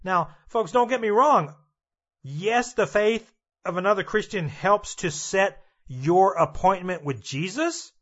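A man's voice: sits high, expressive, measured pace, a bit bright, dull audio. A male preacher giving a sermon, emphatic and repetitive, addressing his listeners directly.

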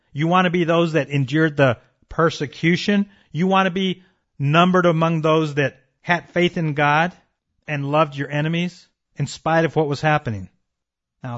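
High-voiced emphatic man preaching. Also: a bit bright, highs cut off. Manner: emphatic, addresses listeners as folks. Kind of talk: sermon.

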